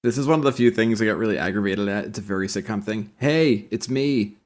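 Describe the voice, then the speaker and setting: A man's voice: lowish voice, racing. Joking man in a podcast chat. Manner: joking, acts out quoted lines. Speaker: podcast co-host. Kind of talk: casual chat.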